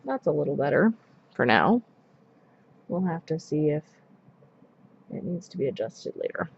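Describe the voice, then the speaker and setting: A woman's voice: low-pitched, big pitch swings, moderate pace, vocal fry, husky, muffled recording. A woman chatting casually on a live stream while she paints her nails, rambling with many asides. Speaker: nail art streamer.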